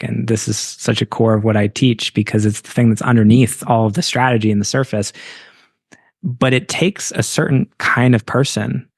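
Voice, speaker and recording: Creaky-voiced man hosting a coaching interview. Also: on the low side, no echo, clean studio sound. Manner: thoughtful, measured, affirming. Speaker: business coach and podcast host. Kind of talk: reflective interview conversation.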